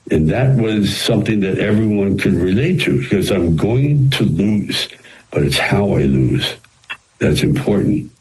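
Deep-voiced male guest, rambling storyteller, interview. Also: unhurried, low-quality recording. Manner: animated, rambling anecdotes with frequent restarts. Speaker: actor and screenwriter guest.

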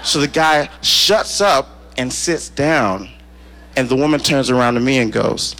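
A man's voice: mid-range voice, a little slow. A man telling a story in a stand-up routine, acting out the people in it. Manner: animated storyteller acting out characters. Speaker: stand-up comedian.

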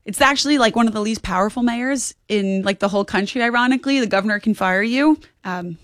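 A woman's voice: medium pitch, fast, no room sound, studio quality. A woman in her twenties, a guest on a talk radio interview, making emphatic, insistent points that she repeats for punch. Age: 20s. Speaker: political commentator guest.

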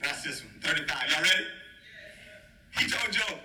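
A man preaching a sermon as pastor, animated and playful, calling out to the congregation for responses. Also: on the high side, moderate pace. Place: church. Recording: echoey room, faint noise.

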